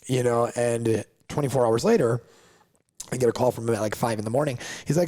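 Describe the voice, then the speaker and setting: A coffee company founder tells a story in casual conversation, his mid-range voice moving quickly. He's animated, acting out what other people said and using "like" constantly.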